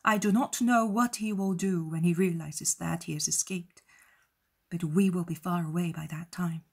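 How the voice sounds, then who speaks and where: A woman voicing Joseph, a protective, steady grown man, in a soft breathy voice. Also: fairly low pitch, normal speed. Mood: resolute.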